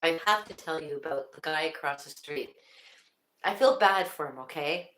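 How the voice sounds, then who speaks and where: A woman's voice: deep voice, moderate pace, noisy background. An older woman hosting a casual livestream, rambling and laughing often, with many restarts. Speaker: livestream host. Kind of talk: casual chat to viewers. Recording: echoey room.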